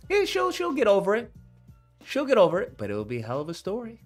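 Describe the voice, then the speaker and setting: A man talks through video clips in a casual, cursing riff. His voice sits a bit high and swings widely in pitch. He keeps slipping into voices to mimic the people he mocks. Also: fast talker, faint music behind. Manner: animated, profane, acts out quoted voices. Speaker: commentator reacting to clips. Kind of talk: casual reaction commentary.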